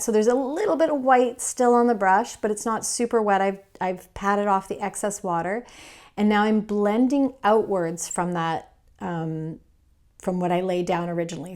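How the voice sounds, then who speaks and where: Chatty woman with a gravelly edge. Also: medium pitch, a little mellow. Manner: chatty, playful, quick to laugh, self-deprecating. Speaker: painting instructor. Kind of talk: casual painting tutorial.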